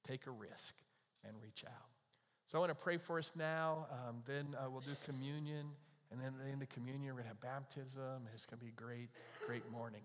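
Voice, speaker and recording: A man leading a church service as pastor, praying and preaching in an earnest way that climbs to animated emphasis. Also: medium pitch, fairly quick. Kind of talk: sermon with prayer. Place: church sanctuary. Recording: reverberant hall with faint music.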